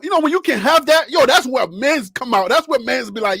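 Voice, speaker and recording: A man hosting a sports talk channel, talking straight to his viewers and chat in a lively, animated way and laughing often. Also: very high-pitched, fairly quick, gravelly, few pauses, slightly rough, no echo, clean studio sound. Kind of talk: casual live-stream commentary.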